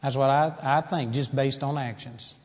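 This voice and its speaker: A man preaching a sermon in a church hall, animated, moving from loud exclamations to quiet asides. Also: mid-range voice, normal speed. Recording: long hall reverb.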